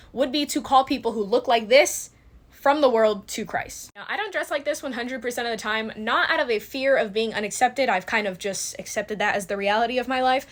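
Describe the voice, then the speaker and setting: Young woman, higher voice, candid, blunt, slangy, close camera mic. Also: a bit bright. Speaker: Christian content creator. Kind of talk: casual Bible-study vlog.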